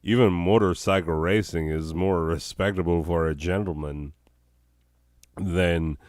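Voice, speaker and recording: Man, hoarse sick voice, deep, slow, rambling deadpan comedy host, dry close sound. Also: no room sound.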